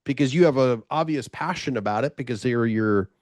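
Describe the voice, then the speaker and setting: A man's voice: mid-range voice, a little fast, darkish tone, dry recording. A man hosting a podcast, asking casual interview questions, rambling and restarting his sentences along the way. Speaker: podcast host.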